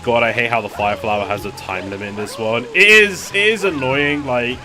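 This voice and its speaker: A man's voice: mid-range voice, a little fast. A British man streaming a game, chatting casually, rambling with stammered restarts and a lot of swearing.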